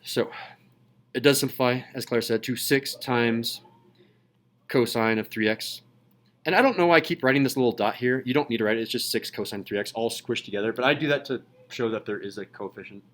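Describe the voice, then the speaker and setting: A young man teaching a high school math class in a classroom, playful and jokey in manner. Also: brisk, fairly bright tone, low-quality recording. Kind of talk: classroom lecture.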